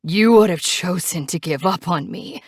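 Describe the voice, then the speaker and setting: A woman reading the lines of an angry, grieving young male biker in an audiobook, shouting and accusing. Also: low-pitched, a little slow, dry recording, studio quality. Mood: yelling anguish.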